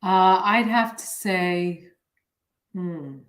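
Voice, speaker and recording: Middle-aged woman on a podcast, kinda low voice, dry laid-back jokes, roomy echo. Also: extremely slow. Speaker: podcast co-host. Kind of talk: casual chat.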